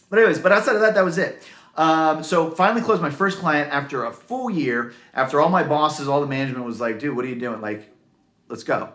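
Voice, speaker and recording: A man's voice: fairly high pitch, fairly bright tone, reverberant. A man telling his own career story in an earnest, heartfelt way, with many fillers. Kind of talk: personal story to camera.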